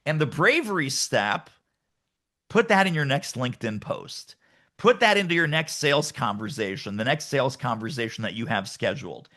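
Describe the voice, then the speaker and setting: Middle-aged male podcast guest, emphatic and lively, bright tone, pitched a touch high. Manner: emphatic, animated, acts out quoted voices. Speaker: guest author and sales coach. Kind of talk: energetic podcast interview.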